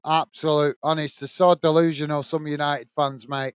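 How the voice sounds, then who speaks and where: A man from the UK hosts a live football watch-along, giving a steady running commentary on the match. His voice sits a little high and sounds smooth and clear. The recording is dry and close, with no room sound. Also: normal speed, no echo. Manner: steady play-by-play, lifts pitch when greeting viewers.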